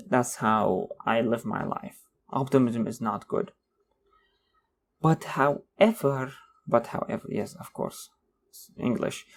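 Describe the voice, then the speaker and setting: A man's voice: mid-range voice, a little mellow. A young man hosting a podcast, rambling through a sarcastic casual rant and slipping into mocking voices. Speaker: podcast host. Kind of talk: casual monologue.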